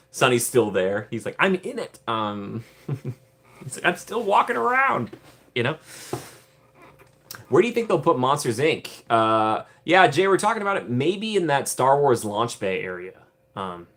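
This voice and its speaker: A man chats casually on a live stream, answering viewers as he goes. His voice sits at an ordinary middle pitch. He rambles loosely, repeats phrases and laughs often. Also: a bit bright. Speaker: streamer host.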